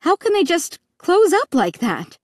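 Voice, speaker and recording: A woman's voice: very high-pitched, huge pitch swings, unhurried, dry recording, voice pushed up, heavily acted. A woman voicing an anxious, breathless mother. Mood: worried. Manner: breathless, worried.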